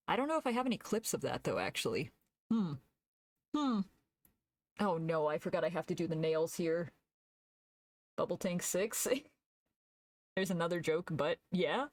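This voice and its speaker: A woman's voice: fairly low pitch, expressive, unhurried, pauses often, no room sound. A young woman streamer chatting casually while she draws, laughing often and answering her chat aloud.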